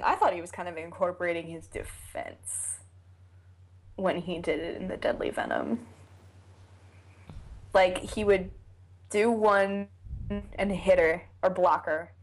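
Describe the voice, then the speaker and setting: Animated young woman co-hosting a podcast. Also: fairly low pitch, a little slow, pauses often. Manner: animated, jokey, slips into silly voices. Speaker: podcast co-host. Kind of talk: casual chat about a cartoon.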